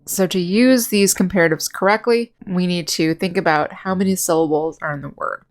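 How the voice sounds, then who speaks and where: A woman English teacher giving a grammar lesson, explaining patiently step by step and slowing down to repeat example words. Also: on the low side.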